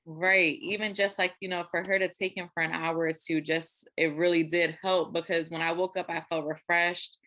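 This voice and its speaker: A young woman with a lower voice that still sounds bright, telling a story in a relaxed, conversational way. She chats casually as a podcast co-host. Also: moderate pace, few pauses. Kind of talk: casual chat.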